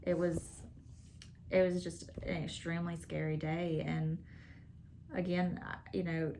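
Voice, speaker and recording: Low, gravelly woman telling a story. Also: flat delivery, mellow, slight background noise. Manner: halting, many fillers and restarts. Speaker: wife telling family story. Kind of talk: casual sit-down storytelling.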